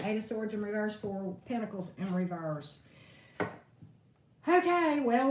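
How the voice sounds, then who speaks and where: A woman's voice: mid-range voice, a little mellow. A woman reading tarot on a live stream, venting in a blunt, profane way. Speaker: tarot reader. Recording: echoey room, distant mic, faint noise.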